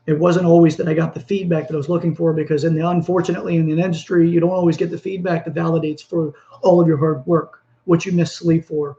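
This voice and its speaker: A man's voice: fairly high pitch, little pitch movement, quick pace, hardly any pauses, dark tone, highs cut off. A man hosting a self-help talk, speaking earnestly in a rambling monologue with frequent restarts. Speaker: podcast host. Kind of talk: motivational monologue.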